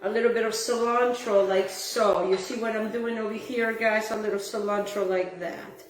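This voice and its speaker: A woman with a steady, mid-range voice hosts a cooking demo in her home kitchen, speaking at a normal speed. Effusive and gushing, she now and then sings phrases. She's far from the mic in an echoey room with faint background noise.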